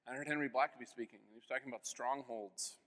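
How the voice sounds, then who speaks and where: A man in his forties gives an earnest personal testimony in a conference hall, acting out the voices of people in his story. His medium-pitched voice is steady and fairly bright, he talks fast, and the sound has a big-room quality.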